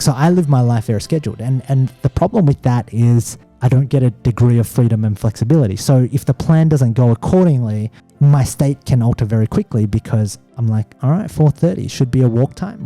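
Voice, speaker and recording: Candid man musing, dark mellow voice. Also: mid-range voice, animated, brisk, faint music behind. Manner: candid, rambling, self-reflective. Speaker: podcast co-host. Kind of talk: casual conversation with his partner.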